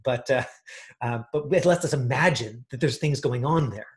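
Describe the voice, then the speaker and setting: A man's voice: mid-range voice, normal speed. A man coaching an acting class, talking in a rambling way with many fillers and restarts.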